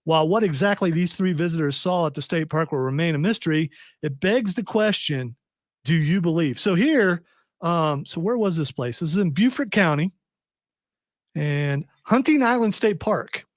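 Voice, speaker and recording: High-voiced joking podcast host. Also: male voice, animated, moderate pace, no room sound, clean studio sound. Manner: jokey, wry asides while reading. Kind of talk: casual podcast chat, reading news aloud.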